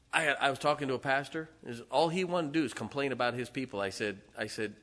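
A man's voice: medium pitch, quick pace, few pauses, a bit bright. A middle-aged man preaching a sermon in a church, conversational, with asides and chuckles between points. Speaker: pastor.

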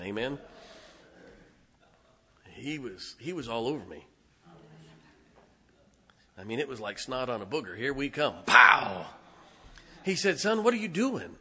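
A middle-aged pastor delivers a sermon full of funny personal stories told in a folksy way, swinging between quiet asides and loud, emphatic lines. His voice sits at medium pitch, and he keeps a moderate pace with long pauses.

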